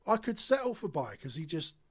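A man's voice: on the high side, sing-song, fairly quick, bright, forceful tone, breathy edge. A young man co-hosting a podcast, talking in a blunt, sweary, rambling way. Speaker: podcast co-host. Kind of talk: casual podcast chat.

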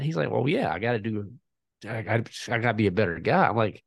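A man's voice: fairly low pitch, fast, gravelly, no echo. A man, a podcast guest casually telling a story and acting out both sides of a conversation.

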